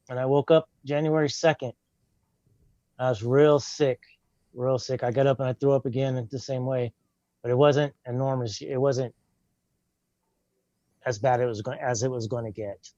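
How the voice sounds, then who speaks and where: Older guy telling his story, earnest and plain, mellow voice, kinda muffled dry sound. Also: medium pitch, no room sound. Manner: earnest, plainspoken, acts out his own past words. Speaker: guest telling his testimony. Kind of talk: personal testimony, casual storytelling.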